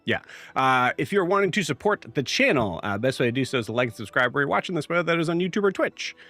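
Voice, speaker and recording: A man's voice: on the high side, very animated, fast, a bit bright, soft background music. A man hosting a live tabletop game stream, giving rambling announcements full of filler words before the session. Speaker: game master and show host.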